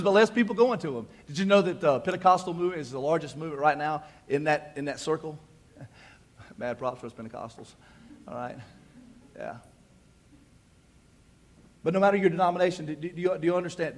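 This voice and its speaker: A middle-aged man preaching a sermon in church as pastor, emphatic, repeating words as he builds, swinging between hushed asides and loud declarations. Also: a little high. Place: church sanctuary.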